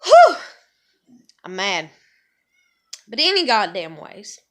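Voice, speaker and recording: A woman's voice: high voice, lively intonation, moderate pace, pushed and bright. A woman, venting in an angry, profane confessional rant to camera. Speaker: vlogger.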